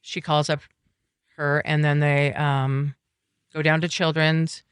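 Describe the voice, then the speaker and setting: A middle-aged woman talking earnestly as a podcast guest, telling a personal story in halting, reflective sentences. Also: sits low, little pitch movement, smooth, no room sound, clean studio sound. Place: coffeehouse.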